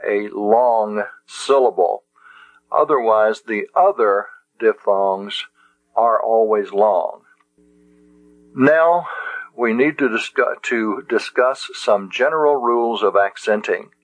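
A man teaching a Greek lesson, slowly sounding out words syllable by syllable and explaining rules. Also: medium pitch, dry recording. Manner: slow and deliberate, sounding out syllables. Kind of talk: classroom lecture. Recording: dull lo-fi recording.

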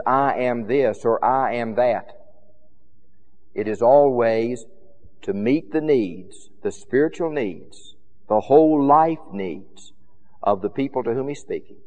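A man preaching a sermon with emphatic, rhythmic repetition, his loudness rising and falling widely. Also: mid-range voice, long reverb tail.

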